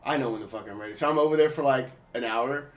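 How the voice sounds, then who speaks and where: A man's voice: medium pitch, quick pace, reverberant. A young man from California hosting a podcast, telling a story in a loose, profane, slangy way and acting out what people said. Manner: profane, slangy, acts out quotes. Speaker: podcast host. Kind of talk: casual storytelling chat. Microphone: portable handheld recorder.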